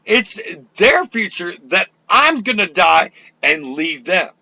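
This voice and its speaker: An older man hosting an internet radio talk show, ranting loudly and profanely with fiery energy. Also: high-pitched, very animated, takes it slowly, gravelly, no room sound.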